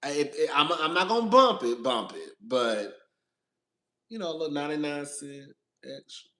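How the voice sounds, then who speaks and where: Man, very bright tone, lively swooping pitch, sassy, profane, rambling live-stream host. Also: normal speed. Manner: sassy and profane, talks straight to viewers as girl and y'all; long-winded and repetitive. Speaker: host of a reality TV commentary channel. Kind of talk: casual live-stream chat.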